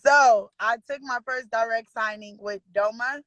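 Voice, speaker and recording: A woman's voice: on the high side, a little slow, a bit bright, dry recording, low-quality recording. A woman from Sacramento, California, chatting as a student on a video call, retelling her story with quoted dialogue and giggles. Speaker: caller and student signing agent. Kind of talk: casual chat on a video call.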